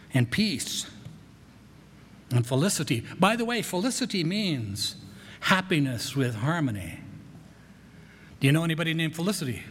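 A man preaching a conversational sermon as pastor, with frequent restarts and quick asides. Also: on the high side, a bit bright. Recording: long hall reverb.

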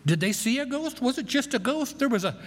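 A man preaching a conversational sermon as pastor, with frequent restarts and quick asides. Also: very high-pitched, expressive. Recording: long hall reverb.

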